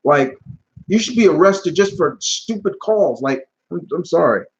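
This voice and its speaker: A man with a slightly high, breathy voice runs a live question-and-answer stream, speaking a little slowly. As a YouTube host answering chat, he tells rambling, slang-heavy stories and keeps restarting. The recording is low quality.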